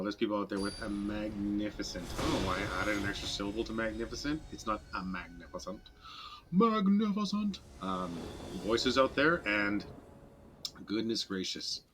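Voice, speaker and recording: A man with a lowish voice chats his way through a digital card game stream, narrating each play as it comes to mind. He pokes fun at himself easily and keeps the tone loose and conversational. Faint music plays underneath. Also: moderate pace, fairly bright tone. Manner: chatty, self-deprecating, thinking aloud. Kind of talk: casual gameplay commentary.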